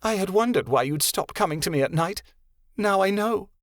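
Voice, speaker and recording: A woman's voice: medium pitch, expressive, normal speed, dry recording, voice pushed up, lightly acted. A proud witch queen from a fantasy audiobook, betrayed and venomous, her icy lines hissed out. A male narrator voices her in a raised register, recorded dry and close. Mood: hurt. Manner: icy, hissing.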